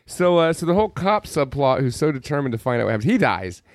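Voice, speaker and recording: A man's voice: mid-range voice, big pitch swings, fast, no room sound, clean studio sound. A man co-hosting a podcast, sarcastically recapping a movie with profane jokes. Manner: profane, sarcastic storytelling with mocking quoted voices. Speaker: podcast co-host. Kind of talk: casual chat, movie recap.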